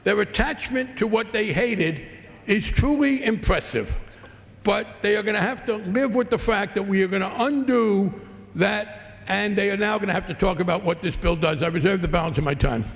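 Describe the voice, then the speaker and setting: This is floor debate: a congressman fires back with a combative, sarcastic rebuttal, his words echoing with the long reverb of a large chamber. He has a high-pitched, creaky voice and keeps to a normal pace.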